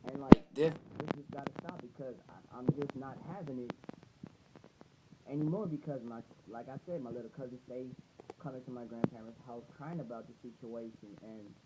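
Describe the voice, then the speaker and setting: A man's voice: medium pitch, fairly quick. A man vlogger telling a personal story in loose, slangy casual talk, keeping the tone conversational. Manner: slangy, loose, keeps saying "you feel me". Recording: noisy recording.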